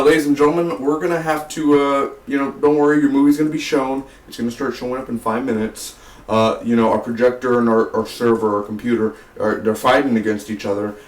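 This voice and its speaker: A man's voice: mid-range voice, steady tone, fast talker. A man giving a rambling, casual movie review for his vlog, full of fillers and repeated "man". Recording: roomy, distant from the mic.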